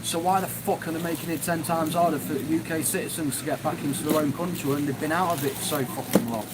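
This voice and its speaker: A man's voice: fairly high pitch, fast, heavy background noise. A man hosting a live stream, ranting angrily and swearing heavily as he reads and answers chat. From United Kingdom. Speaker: livestream host.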